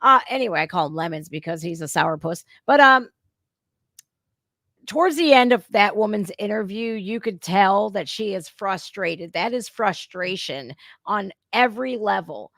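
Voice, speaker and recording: A woman hosting a reaction show rants in a blunt, heated way and swears freely. Her voice sits at a middle pitch and is recorded close and dry, with no room around it. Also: animated, moderate pace, fairly bright tone, dry recording. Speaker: reaction video host. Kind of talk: commenting on a played clip.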